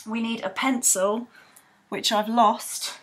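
A woman's voice: on the high side, level tone, slow pace, a little hiss or hum. A young woman teaching children to draw in a bubbly, rambling way with playful sound effects. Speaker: art tutor. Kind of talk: drawing tutorial for children.

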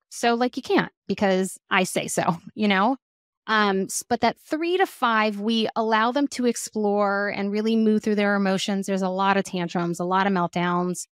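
A mother of two, a guest expert on children's emotions, talking casually in an interview with a lively, chatty manner and lots of "like". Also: medium pitch, clean tone, dry recording, studio quality. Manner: animated, acts out quoted voices, frequent "like". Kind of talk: conversational podcast interview.

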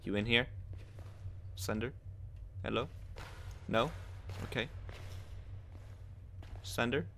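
Male horror gamer, slow jokey muttering, bright tone, panics loud when scared. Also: mid-range voice, gravelly, slight background noise. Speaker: let's play gamer. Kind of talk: horror game commentary.

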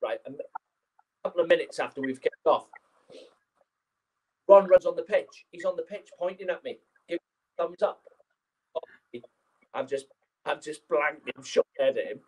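A man telling an anecdote as a guest speaker, lively and acting out the scenes as he goes. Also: a little high, normal speed, long pauses, breathy edge, poor audio. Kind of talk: anecdotal storytelling.

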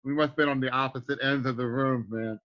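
A man's voice: mid-range voice, steady tone, fast. A man hosting a weekly team training call, effusive and calling people sir and brother. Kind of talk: motivational conference-call hosting. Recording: slightly muffled call audio.

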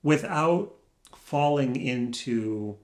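Slow, hesitant man musing softly. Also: medium pitch, expressive. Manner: hesitant, searching, halting phrases with long pauses; soft-spoken, trailing off quietly. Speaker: vlogger. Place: alone in a room.

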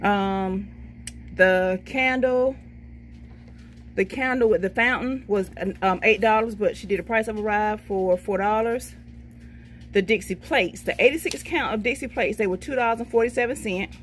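A woman's voice: medium pitch, normal speed, slight background noise. A middle-aged woman, chatting casually through her shopping haul and reading each price off a receipt. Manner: chatty, folksy, says "okay, baby" to herself. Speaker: vlogger showing a shopping haul.

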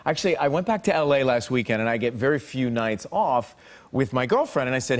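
A man's voice: medium pitch, brisk. A man telling a talk show host a funny personal story, acting out what people said. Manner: animated storyteller, acts out quotes. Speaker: guest. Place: TV studio with audience.

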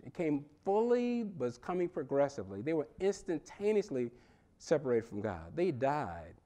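A man preaching a sermon in a seminary chapel, animated, with wide swings from loud and high to low and hushed. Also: normal speed. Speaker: pastor.

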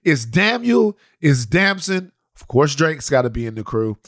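A man's voice: a little high, very animated, fairly bright tone, no echo. Rambling man with a dry close voice. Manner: rambling, halting with restarts. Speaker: podcast co-host. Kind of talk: casual chat.

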